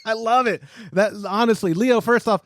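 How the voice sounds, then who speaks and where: A man's voice: high voice, moderate pace, a bit bright, no room sound. A man with a Texan accent hosting a casual podcast, joking and self-deprecating. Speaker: podcast host.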